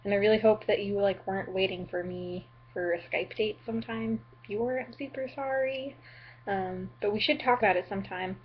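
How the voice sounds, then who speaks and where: A young woman from the Upper Midwest talks to her webcam in a loose, goofy ramble, apologizing often and filling every pause with ums and likes. Her voice is slightly husky and breathy. The recording is dull and lo-fi, like a cheap home camera mic. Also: medium pitch. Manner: chatty and goofy, apologetic, lots of "um" and "like". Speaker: vlogger. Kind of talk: casual rambling vlog.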